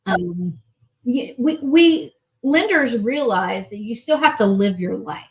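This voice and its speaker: A woman mortgage lender talking casually, relaxed and conversational, quoting her clients. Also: fairly high pitch, slow, rough recording. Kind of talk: casual chat.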